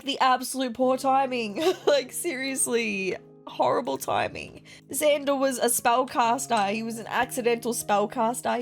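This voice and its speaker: A woman giving casual, chatty commentary while playing a video game, talking straight to her viewers and wearing her feelings openly. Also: on the high side. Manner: chatty, addresses viewers directly, emotional, near tears at times.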